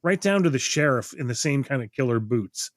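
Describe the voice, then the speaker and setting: A man's voice: mid-range voice, expressive, a little fast, no echo, studio quality. A middle-aged man reviewing a movie in casual podcast chat, rambling, swearing freely and acting out quotes. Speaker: podcast co-host.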